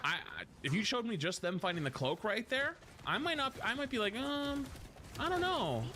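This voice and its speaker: A young man streaming and commentating on a game in a casual, rambling way, joking in quick asides. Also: sits high, very animated, bright, forceful tone, slight background noise. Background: game music.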